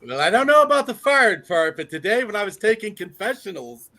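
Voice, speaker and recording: A man doing a gravelly, bawdy comic priest. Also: high-pitched, very animated, a little fast, bright, forceful tone, full character voice. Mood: mock pious. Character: bawdy middle-aged male priest hearing confession. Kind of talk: comedic character bit on a video call.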